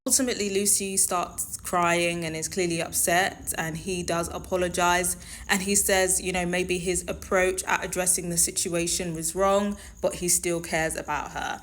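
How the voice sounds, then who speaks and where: A woman speaks in a slightly low voice, hosting her own commentary show. She talks in a conversational, emphatic and opinionated way, pressing her points home. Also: steady tone, moderate pace, a bit bright. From London. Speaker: show host. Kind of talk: reality TV commentary.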